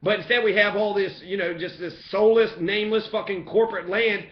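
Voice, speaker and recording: A resident with a high voice delivers an angry, profane, repetitive rant about the police, speaking briskly with fairly even intonation. It's an impassioned monologue captured in echoey, dull lo-fi sound.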